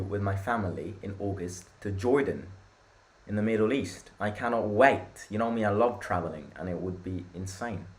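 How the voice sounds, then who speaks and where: A young Italian man hosting a live football watchalong, chatting with viewers and reacting loudly to the play. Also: lowish voice. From Italy. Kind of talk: live match watchalong commentary.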